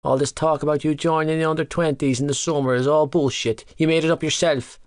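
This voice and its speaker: A man's voice: a little high, steady tone, fairly quick, dry recording, clean studio sound, voice pushed up, natural voice. A man doing Ronan, a furious teenage boy. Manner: shouting, spitting insults, voice cracking. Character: angry teenage boy rugby player, hot-headed. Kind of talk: audiobook character voice.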